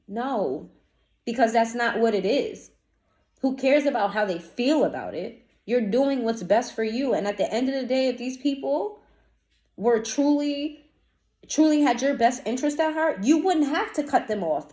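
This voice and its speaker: A woman giving a casual tarot reading straight to her viewers, blunt and animated, swearing freely in slangy talk. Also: on the high side, normal speed. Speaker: tarot reader. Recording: echoey room, faint noise.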